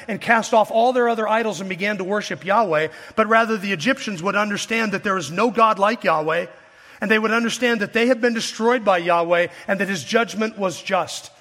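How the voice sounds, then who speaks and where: A man's voice: high-pitched, pushed and bright, long reverb tail. A man preaching an expository sermon, reading scripture aloud and pressing his points with earnest rhetorical questions. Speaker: pastor.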